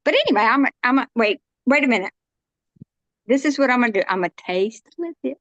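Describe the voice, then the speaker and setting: A woman's voice: fairly high pitch, animated, fast talker, fairly bright tone, no room sound, dull audio. A woman, chatting casually and folksily while demonstrating a dish. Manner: chatty, folksy, self-interrupting. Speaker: cooking demo guest.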